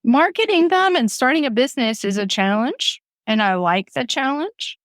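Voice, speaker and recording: A woman's voice: high voice, expressive, moderate pace, dry recording, clean studio sound. A woman guest, talking openly and emotionally about her grief and the start of her project, laughing often as she speaks. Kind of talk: candid conversational storytelling.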